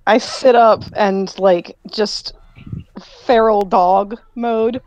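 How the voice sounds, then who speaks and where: A woman's voice: mid-range voice, steady tone, drawn-out words, a little mellow, no echo, muffled recording. A woman playing a tabletop game, unhurriedly describing her character's actions. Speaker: player. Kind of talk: casual tabletop play.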